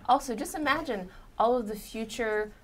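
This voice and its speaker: A woman playing a tabletop game, making a halting persuasive pitch. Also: slight background noise. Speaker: player. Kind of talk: tabletop role-play banter.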